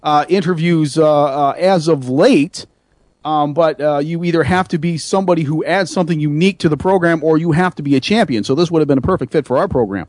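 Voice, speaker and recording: High-voiced, rambling radio host man. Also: a little fast, dry recording. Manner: animated, rambling, self-mocking, many restarts. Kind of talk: casual radio chat.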